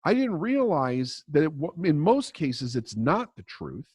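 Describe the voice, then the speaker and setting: A man's voice: a little high, very animated, a little slow, a little mellow, husky, dry recording. A man coaching on mindset in a podcast interview, telling a story in a blunt, emphatic way and swearing freely.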